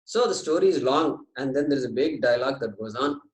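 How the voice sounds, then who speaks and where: A man's voice: mid-range voice, lively intonation, quick pace. Male teacher, echoey room. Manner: conversational, mixing in Sanskrit phrases. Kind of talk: scripture class storytelling.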